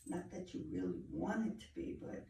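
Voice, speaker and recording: A woman working as a psychic medium, giving a family a reading in a halting, searching way, often repeating herself. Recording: echoey room from far off, faint noise.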